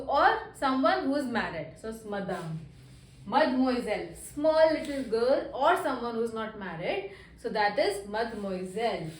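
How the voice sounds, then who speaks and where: A woman teaching a beginner French lesson, slowly repeating each word and its meaning. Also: on the high side, a little hiss or hum. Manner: slow, repetitive drilling of words. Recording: echoey room, faint ambience.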